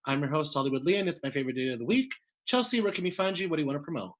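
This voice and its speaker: A man hosting a casual reality-TV recap show, playful and animated. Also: on the high side, racing, low-quality recording. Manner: animated, playful, drops into impressions. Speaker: host.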